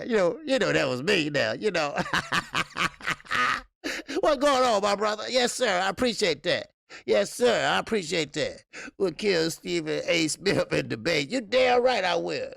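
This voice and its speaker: A man hosts a boxing talk stream, and his voice is heavily gravelly and sits a little high. He chats loosely and curses freely. The sound is dry and close. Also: lively intonation, moderate pace, no room sound. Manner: loose, profane, shouts out chat viewers, laughs often. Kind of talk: casual livestream chat.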